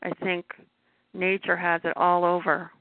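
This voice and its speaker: A middle-aged woman with a gravelly voice, speaking in a measured, insistent way as a herbal health guest on a panel talk show. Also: lowish voice, monotone, no room sound. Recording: dry tinny phone-like sound.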